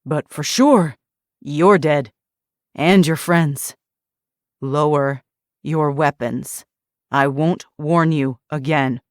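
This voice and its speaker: A woman's voice: low voice, slow, long pauses, dry recording. Woman voicing a cold, menacing mercenary boss. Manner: calm, menacing, dry sarcasm.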